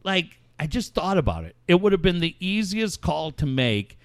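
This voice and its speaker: A male podcast host reminisces in loose, profanity-laced chat. His voice sits a little high and swings widely in pitch as he tells stories. The recording is dry, with no room sound. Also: big pitch swings, moderate pace, no echo. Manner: profane, rambling storyteller.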